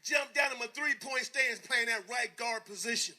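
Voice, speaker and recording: Motivational speaker, man, bright and high-pitched; animated storytelling that drops low and then bursts out loud. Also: normal speed. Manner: animated, swings from quiet to shouting. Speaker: motivational speaker, former football player. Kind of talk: storytelling speech to a live audience.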